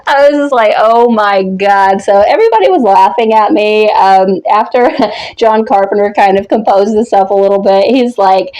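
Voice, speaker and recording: A woman in her thirties tells a story casually, full of energy. She swears freely and breaks into laughter often, her voice sitting at an everyday middle pitch. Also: warm tone. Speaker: horror vlogger.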